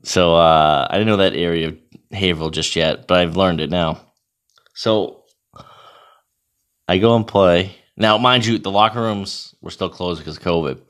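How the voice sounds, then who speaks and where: A man in his thirties telling a casual, profane, animated story about himself. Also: low-pitched, moderate pace, clear, resonant tone. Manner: profane, animated, self-mocking.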